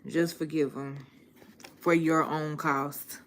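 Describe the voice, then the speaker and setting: Slow-talking woman in her thirties. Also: deep voice, slight background noise. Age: 30s. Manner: relaxed storytelling with slang. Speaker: vlogger. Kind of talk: casual chat to viewers.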